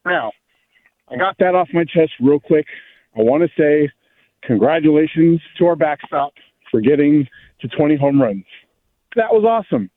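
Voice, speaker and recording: A man's voice: on the high side, animated, normal speed, long pauses, no room sound. Worked-up male caller on a tinny phone line. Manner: worked up, ranting. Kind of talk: call-in rant. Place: outdoors walking by a lake.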